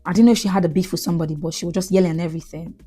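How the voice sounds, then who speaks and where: A woman with a Nigerian accent, hosting a podcast and telling animated, laughing stories in a casual monologue. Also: lowish voice, rapid-fire, slightly rough, soft background music. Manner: animated, laughing, slips into pidgin. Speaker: podcast host.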